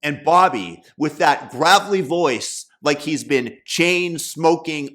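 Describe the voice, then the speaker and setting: A man's voice: on the high side, animated, a little slow, few pauses, a bit bright. A man hosting a satirical commentary rant in a mocking, sarcastic manner. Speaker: commentary host.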